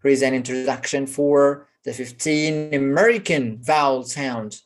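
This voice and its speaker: Speaking at an extremely low pitch, a woman with an Egyptian Arabic accent, whose first language is Arabic, gives an online English pronunciation lesson. She drags out slow model words between fillers.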